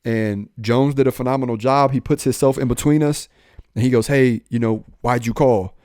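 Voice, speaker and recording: A man's voice: medium pitch, a little fast, dry recording. Guest officer, young man; candid storyteller, voices the others in his story, mid voice, dry room. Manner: animated, acts out dialogue with slang.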